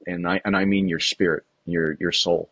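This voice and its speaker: Low, husky man asking earnest questions. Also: fairly even intonation, a bit bright, dry recording. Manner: earnest, probing, halting questions. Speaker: podcast host. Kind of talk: interview questions. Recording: dull, muffled, dry audio.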